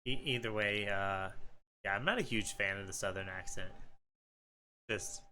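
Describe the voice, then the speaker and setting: Podcast guy, teasing and blunt, bright sharp voice, bit of background hiss. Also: on the low side, normal speed. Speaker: podcast co-host. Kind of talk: casual chat.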